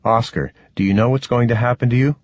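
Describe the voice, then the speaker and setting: A man reading an audiobook voices a calm, protective undead man who speaks matter-of-factly. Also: mid-range voice, quick pace, no echo, close to an everyday voice. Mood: steady. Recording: dull, dry, slightly muffled.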